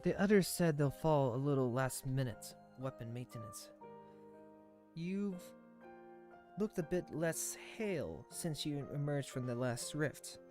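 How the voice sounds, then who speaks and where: A man reading the lines of a worried young woman who guards a magic rift, in an earnest, halting delivery. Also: on the high side, expressive, darkish tone. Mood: concerned. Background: faint game music.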